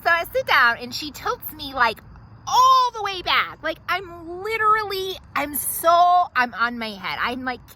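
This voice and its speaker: A woman's voice: very high-pitched, sing-song, measured pace, sharp tone, heavily acted, poor audio. A woman playing an entitled, self-righteous woman who rambles indignantly through her complaints in a comedy sketch. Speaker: comedic character monologue. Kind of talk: comedy sketch monologue to camera.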